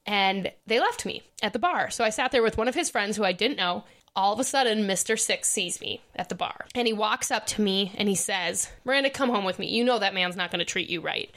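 A woman's voice: medium pitch, a bit bright. Chatty young woman telling a story. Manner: chatty, laughs often, many restarts. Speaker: podcast host. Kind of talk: casual storytelling chat.

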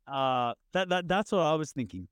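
A man's voice: fairly high pitch, animated, moderate pace, clear, resonant tone, dry recording, clean studio sound. Man stumbling through a read-aloud story. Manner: stumbling reader, frequent self-corrections. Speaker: podcast co-host reading stories. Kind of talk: reading aloud on a casual podcast.

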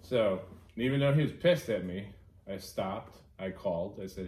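Deep-voiced man telling a story. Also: moderate pace. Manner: animated storyteller, swears freely. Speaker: podcast host. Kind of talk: casual storytelling chat. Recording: echoey room, faint noise.

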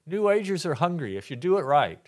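An older man from Texas, a podcast guest telling his faith testimony in a lively way, acting out the voices in his anecdotes and laughing often. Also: on the high side, fairly quick.

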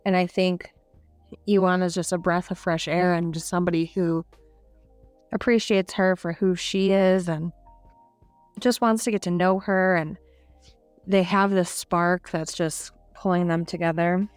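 A woman's voice: lowish voice, fairly even intonation, measured pace, clear, resonant tone, no echo, soft background music. A young woman co-hosting a podcast, chatting casually and retelling a story with fillers and small laughs. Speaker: podcast co-host. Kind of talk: casual book review chat.

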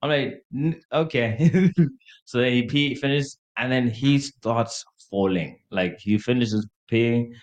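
With a steady, mid-range voice and a slightly slow delivery, this young podcast co-host recounts a party story in a relaxed way. He laughs frequently and raises his voice when performing what people said.

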